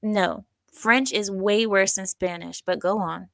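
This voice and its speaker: A woman's voice: medium pitch, steady tone, unhurried, vocal fry, a bit bright, dry recording. Sassy woman reacting, dry close mic. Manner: sassy, blunt, scolding asides. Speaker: reaction commentator. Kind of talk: casual reaction commentary.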